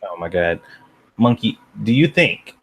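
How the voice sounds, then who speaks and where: A man with a somewhat low voice co-hosts a casual stream chat. He chimes in briefly with quick, teasing jokes at his friends. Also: expressive, slightly rough. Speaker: podcast co-host.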